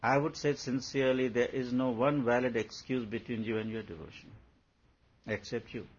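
A man's voice: medium pitch, fairly even intonation, moderate pace, breathy edge. A man, a spiritual teacher talking to followers in a playful, laughing way, acting out everyday scenes. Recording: dull lo-fi recording, faint background hum.

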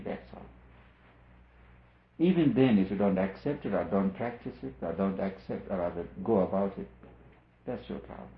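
A man giving a spiritual discourse as a teacher, earnest and repetitive, pressing his key points harder. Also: on the low side. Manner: earnest, repeats phrases for emphasis, rising on key points. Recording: tinny lo-fi with roomy echo.

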